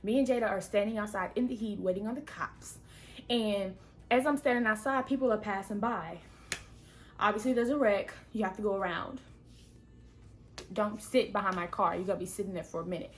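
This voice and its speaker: A young woman vlogger telling a story to camera in an animated, dramatic, exclamatory way. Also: medium pitch, fairly quick.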